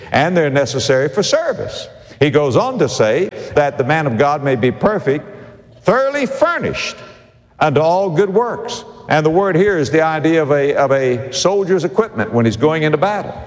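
A man preaching a sermon, repeating key phrases with slow emphasis. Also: fairly high pitch, sing-song, long reverb tail. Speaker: pastor.

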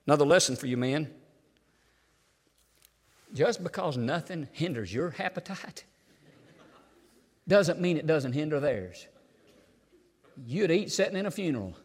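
An older pastor preaching a sermon in a church, emphatic and folksy, dropping suddenly into low asides. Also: male voice, husky. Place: church sanctuary. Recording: long hall reverb in church.

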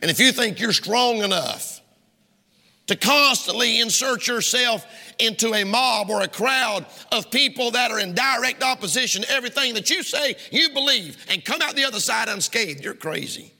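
A man with a Southern US accent preaching a sermon in a church, emphatic and pressing his points, sometimes rising to a shout. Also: extremely high pitch, expressive, normal speed, creaky. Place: church sanctuary. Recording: long hall reverb.

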